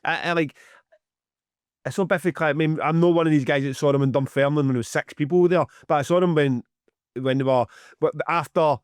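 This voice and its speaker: A man's voice: a little high, steady tone, brisk, smooth, dry recording, studio quality. A Scottish man co-hosting a podcast in casual, sweary, teasing chat. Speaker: podcast co-host.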